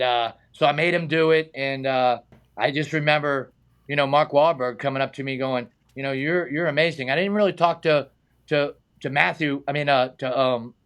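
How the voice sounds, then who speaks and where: A middle-aged stunt man and high diver, appearing as a guest in a casual interview, tells animated anecdotes, mimicking the voices of the people in them and laughing often. His voice is medium in pitch.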